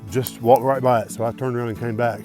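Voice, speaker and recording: A man's voice: medium pitch, fairly even intonation, fast, warm tone, faint music behind, rough recording. A man talking to camera as a thru-hiker vlogger outdoors on a mountain trail, upbeat, grateful and chatty, recorded on a handheld phone. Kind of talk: casual outdoor vlog talk to camera.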